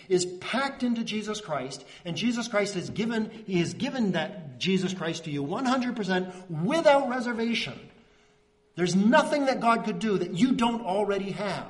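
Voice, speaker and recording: High-voiced man preaching conversationally. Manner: earnest, checks in with "right?" and "okay?". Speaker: pastor. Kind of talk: conversational sermon.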